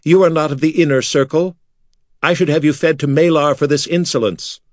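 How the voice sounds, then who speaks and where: A man voicing a furious, domineering male high priest who screams his threats. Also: steady tone, brisk, no room sound, clean studio sound, natural voice. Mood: enraged. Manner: shrill, screaming in rage.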